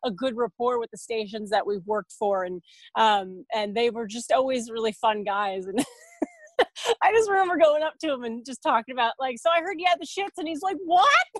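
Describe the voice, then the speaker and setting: A woman's voice: a little high, normal speed, no room sound. A woman, a radio host and life coach, chatting casually as a guest and laughing often through her stories. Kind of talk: casual chat.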